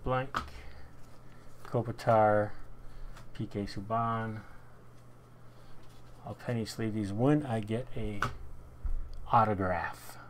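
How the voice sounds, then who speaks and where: A man runs a live card break, calling names and teams in short bursts. He takes his time between cards, now and then breaking into loud, excited shouts. A faint hiss sits under the recording. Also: on the low side, takes it slowly, long pauses.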